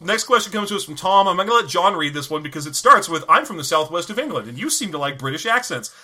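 Bright, playful podcast co-host man. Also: high voice, very animated, fast. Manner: playful, laughing, reads listener questions. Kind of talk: casual comedic podcast chat.

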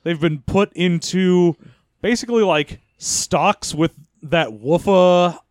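A man co-hosting a podcast, chatting casually, excitable and swearing freely. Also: high voice, slow pace, no echo, studio quality. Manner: excitable, swears freely, slips into silly voices. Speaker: podcast co-host. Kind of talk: casual chat.

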